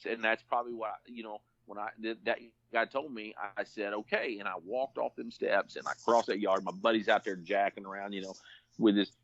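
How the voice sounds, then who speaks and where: A man's voice: lowish voice, fairly even intonation, a little fast, fairly bright tone, no echo, highs cut off. A man telling a rambling, folksy story on a podcast, full of restarts. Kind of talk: casual storytelling.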